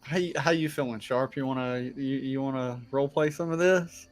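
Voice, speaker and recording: A man's voice: mid-range voice, normal speed, faint music behind. A man playing a tabletop game, chatting casually and joking. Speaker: player.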